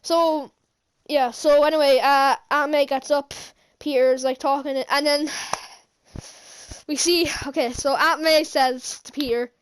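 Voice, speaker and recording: A woman giving an excited, rambling movie recap as a vlogger, gushing, with lots of fillers and restarts. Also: sits high, normal speed.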